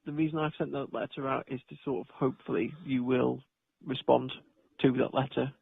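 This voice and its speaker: Man, housing officer, gravelly husky voice, measured and hesitant, tinny dry phone line. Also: mid-range voice, flat delivery, dry recording. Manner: measured, hesitant, procedural, with many ums and restarts. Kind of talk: phone call with a tenant.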